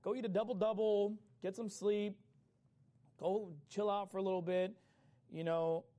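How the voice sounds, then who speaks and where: A man preaching a sermon in a casual, conversational way, acting out people's complaints and urging listeners to get up and act. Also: high voice. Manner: fast, animated delivery. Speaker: pastor.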